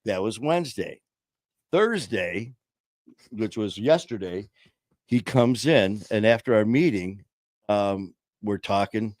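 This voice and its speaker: Male livestream co-host, low-pitched, dry close sound, animated storyteller. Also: takes it slowly, pauses often, dry recording. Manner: animated, acts out quotes in a raised voice. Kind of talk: casual storytelling chat.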